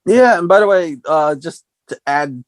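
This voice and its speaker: A man's voice: fairly high pitch, moderate pace, no echo. A man co-hosting a podcast, chatting casually and acting out quotes as he retells wrestling stories. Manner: animated storyteller acting out quotes. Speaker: podcast co-host.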